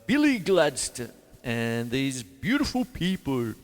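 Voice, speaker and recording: Excitable, jokey drum teacher. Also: male voice, medium pitch, takes it slowly, big-room sound, faint music behind. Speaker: drum teacher and show host. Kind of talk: live-streamed drum lesson. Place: drum studio.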